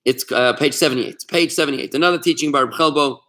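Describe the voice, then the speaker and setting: A middle-aged man, a rabbi, leading a casual online Talmud class, telling stories with lively asides and frequent restarts. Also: a little high, quick pace. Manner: animated storyteller, warm asides, many restarts.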